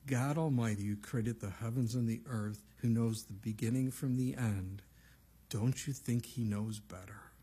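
A man's voice: medium pitch, a little slow, dark tone. A man preaching a sermon as a pastor, talking in a conversational way with frequent asides. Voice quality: very husky.

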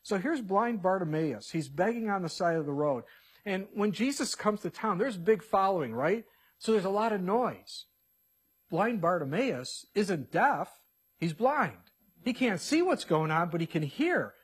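Male pastor, husky and raised in pitch, lively delivery, acts out characters mid-sermon. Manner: animated, acts out the story characters in quick voices. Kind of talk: expository sermon.

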